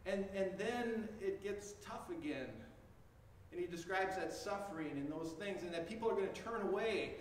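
A man's voice: sits high, normal speed, recorded from a distance. A male pastor delivering a sermon, telling the story in vivid second person in a conversational way. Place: church sanctuary. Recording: echoey church heard from afar, faint noise.

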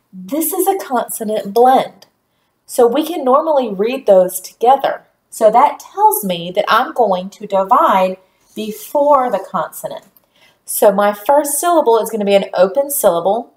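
A woman teaching a recorded phonics lesson to young children, speaking slowly and clearly and praising answers. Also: a little high, reverberant.

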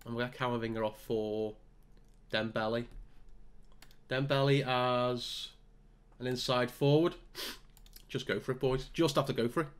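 A man's voice: mid-range voice, measured pace, pauses often, smooth. A man commentating on his own football management game, muttering to himself and bursting out when goals come. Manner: excitable, talks to himself, groans and mutters between bursts. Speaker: gaming YouTuber.

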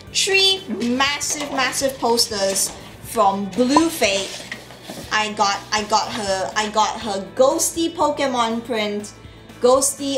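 A young woman vlogger gushing and rambling about her art haul, full of fillers and restarts. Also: mid-range voice. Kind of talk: casual chat. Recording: echoey room with faint music.

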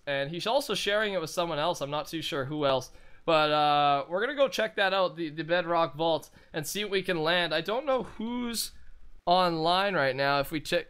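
A young man hosting a casual gameplay commentary, talking in an excitable, rambling, jokey way. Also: a little high, clear, resonant tone. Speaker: gaming channel host.

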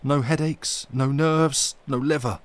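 A man reading a ghost story aloud on a live stream, with expressive, dramatic emphasis. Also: mid-range voice, measured pace.

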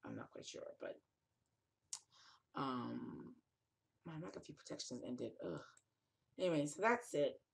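Exhausted blogger narrating a screen tutorial; raspy, creaky voice, loose and thinking out loud. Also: mid-range voice, wildly swooping pitch, unhurried, pauses often. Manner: rambling, thinking aloud with restarts. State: tired, yawning. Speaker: fashion blogger.

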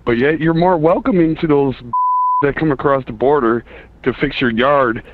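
A man's voice: on the high side, normal speed. Blunt slangy male caller on a phone. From Chicago. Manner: casual, blunt, slangy, argues back. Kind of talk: argumentative call-in. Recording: tinny phone line.

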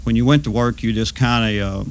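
A man, recalling his railroad years in a measured way with many pauses. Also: medium pitch, slight background noise. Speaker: former railroad worker. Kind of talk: oral history reminiscence.

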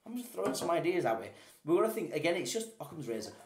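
A man's voice: on the high side, sing-song, rapid-fire, darkish tone. A man chatting casually over wine at home as a co-host, rambling and reading viewer comments aloud. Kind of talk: casual tipsy chat. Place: home room, at night. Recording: echoey room.

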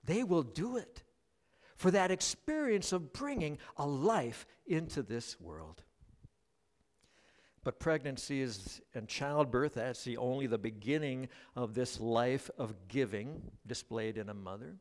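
Lively, joking male pastor preaching. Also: mid-range voice, measured pace. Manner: joking, animated storyteller addressing the congregation. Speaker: guest pastor. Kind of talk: sermon. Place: church service.

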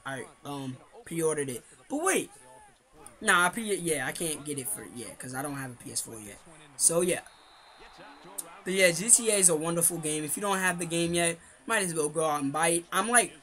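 A man's voice: a little high, pushed and bright. A young man giving casual, rambling commentary over a football video game while chewing gum, hyping his team and griping about his kicker. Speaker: gaming commentator.

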